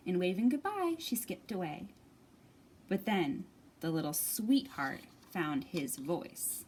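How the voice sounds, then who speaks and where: Woman librarian, slow animated storytime reader. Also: on the low side, husky. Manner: expressive, animated read-aloud. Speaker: children's librarian. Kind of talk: children's storytime reading.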